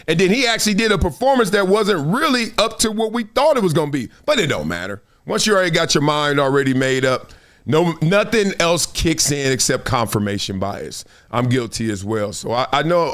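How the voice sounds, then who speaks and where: A man hosting a sports podcast, talking in an emphatic, animated way and laughing often. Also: a little high. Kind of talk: animated sports commentary chat.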